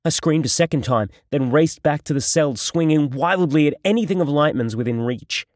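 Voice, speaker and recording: A man narrating an audiobook in the first person, with steady, measured storytelling. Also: on the high side, no echo, studio quality.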